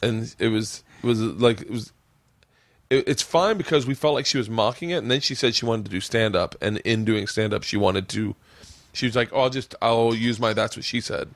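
A man hosts a podcast in a loose, profane, rambling way. His voice sits mid-pitched and is recorded close and dry, with no room sound. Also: a little fast, no room sound. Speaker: podcast host. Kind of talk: casual podcast chat.

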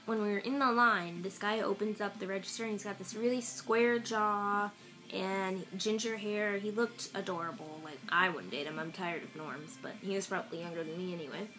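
A woman's voice: mid-range voice, fairly even intonation, moderate pace, a bit bright, poor audio. Rambling young woman vlogger. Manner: rambling and offhand, with fillers. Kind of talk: casual haul vlog. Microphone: iPad camera. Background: faint music from a radio.

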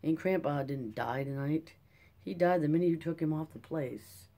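Audiobook: reader as hushed, grave ex-preacher, dark tone. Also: medium pitch, close to an everyday voice. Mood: solemn. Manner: quiet, grave, measured. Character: solemn former preacher, quiet grave man. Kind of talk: audiobook character reading.

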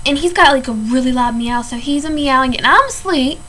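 A woman's voice: sits high, fairly quick, sharp tone, a little hiss or hum, poor audio. A teenage girl ranting casually in a vlog, chatty and exasperated, full of "like". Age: teens. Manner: chatty, filler-heavy, exasperated. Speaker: vlogger.

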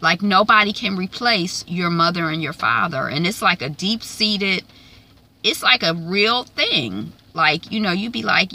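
Bright-voiced woman recapping a show. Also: lowish voice, measured pace, low-quality recording. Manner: animated retelling, chatty with frequent "um" and "like"; slangy, opinionated asides. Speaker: TV recap vlogger. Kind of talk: casual episode recap and review.

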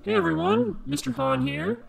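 A squeaky goofy alien filter. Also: male voice, huge pitch swings, moderate pace, gravelly, crowd noise, full character voice, low-quality recording. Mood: cheery. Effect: high-pitched alien voice filter.

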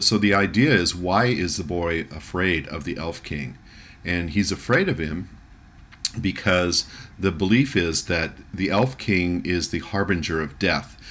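Deep, slow-spoken male music lecturer. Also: fairly bright tone. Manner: halting, many fillers and restarts; reads and translates a German poem aloud. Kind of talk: recorded lecture.

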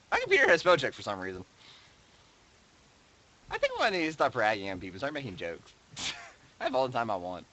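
A man casually reading and joking about viewer posts, laughing often and swinging between loud outbursts and mumbles, close to his desk mic. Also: mid-range voice, wildly swooping pitch, normal speed, pauses often, a little hiss or hum, low-quality recording. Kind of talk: casual commentary. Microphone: desk mic right beside him.

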